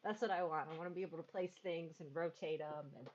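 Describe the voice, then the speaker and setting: A woman's voice: sits low, fairly even intonation, quick pace, a little hiss or hum. A woman streaming a video game in casual chat, rambling about decorating and cooing to her dogs. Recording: dull lo-fi stream audio with game music.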